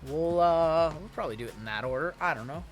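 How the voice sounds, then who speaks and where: A man's voice: on the high side, expressive, quick pace, soft background music. A man hosting a trading card break livestream, chatting casually and answering viewer questions as he opens packs.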